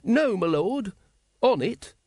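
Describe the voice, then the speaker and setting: A man's voice: high voice, very animated, takes it slowly, a little mellow, dry recording, clean studio sound, pitched above the performer's own voice, exaggerated voice. A man voicing a nervous, fawning male city secretary who answers with precise deference in an audiobook. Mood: deferential. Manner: deferential, precise, keeps saying my lord. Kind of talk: audiobook character voice.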